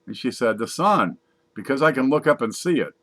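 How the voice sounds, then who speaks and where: A man casually reading jokes aloud from a page, putting on higher voices for the punchlines. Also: animated, a little fast, a bit bright. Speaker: joke reader.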